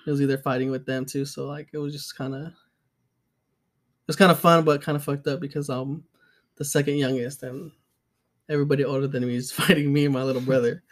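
Loose, cussing young man, slightly high voice. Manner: loose, profane storytelling with frequent fillers and laughs. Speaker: podcast co-host. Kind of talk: casual chat.

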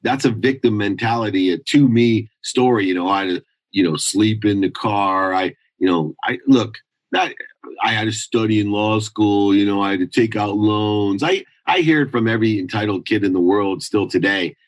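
A man's voice: fairly low pitch, moderate pace, dry recording, low-quality recording. A middle-aged man telling a candid life story in an interview, intense and confessional, acting out the people he quotes. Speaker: guest.

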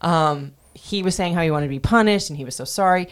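A woman's voice: fairly low pitch, fairly quick, smooth. A woman in her forties hosting a casual podcast, talking bluntly and swearing freely as she rants. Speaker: podcast host.

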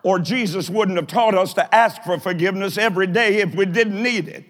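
A pastor preaching a live sermon in a folksy, plain-spoken way, with emphatic bursts of shouting. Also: male voice, sits high, a little fast. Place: large church or college auditorium.

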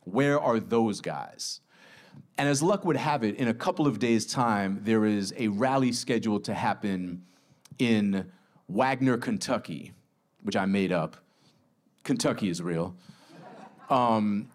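A male author in a casual book talk. He summarizes his novel in a lively, self-deprecating way. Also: medium pitch.

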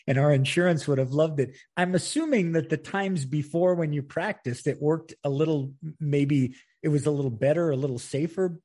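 A man's voice: fairly high pitch, normal speed, few pauses, darkish tone. A man hosting a casual interview, chatty, with many fillers and frequent laughs. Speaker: interviewer, filmmaker.

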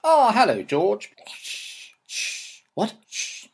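A woman plays a put-upon father with a low, husky voice that swings widely in pitch. He is exasperated and huffy. He keeps trying to hold his patience with a nagging child in a comedy sketch. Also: sing-song, moderate pace, darkish tone, soft background music, heavily acted. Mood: indignant.

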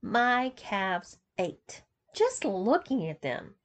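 A woman's voice: mid-range voice, very animated, drawn-out words. A woman reading an erotic story aloud as narrator, telling it expressively.

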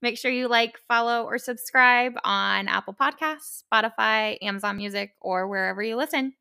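A young woman hosts her podcast alone, chatting away casually with plenty of "like" and "um" as she rambles along. Her voice sits a little high and bright, with a gravelly fry running through it. She sounds relaxed and unscripted. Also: normal speed. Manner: chatty and rambling, many "like" and "um" fillers. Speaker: podcast host. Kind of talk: casual solo podcast monologue.

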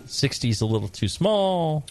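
A middle-aged American man co-hosting a casual brewing talk show, joking and lively, sometimes putting on gruff voices. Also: fairly high pitch, unhurried. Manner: animated, joking, mock-gruff put-on voices. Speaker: podcast co-host, brewing expert. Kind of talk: casual chat.

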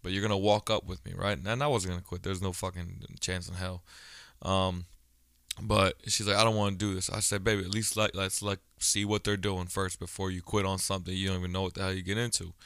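A man's voice: low voice, little pitch movement, fairly quick, a bit bright, clean tone, no room sound, clean studio sound. A man in his thirties talking casually on his own podcast, a blunt storyteller who swears freely. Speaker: podcast host. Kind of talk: casual solo podcast monologue.

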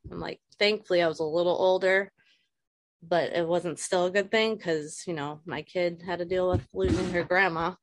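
Woman, 30s, low voice, dry sound, candid and emotional, video-call guest. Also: fairly even intonation, normal speed, no room sound. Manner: frank, emotional, swears casually. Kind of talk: candid personal conversation.

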